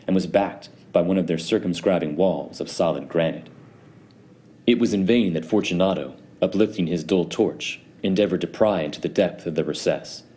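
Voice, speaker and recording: Deep, dark-toned male storyteller. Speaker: narrator. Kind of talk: dramatic audiobook reading.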